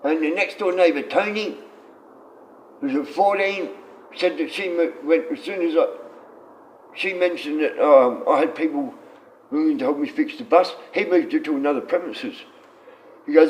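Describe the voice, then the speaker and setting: A man's voice: fairly high pitch, normal speed, long pauses, a little mellow, poor audio. A man chatting casually on a livestream, rambling and swearing freely.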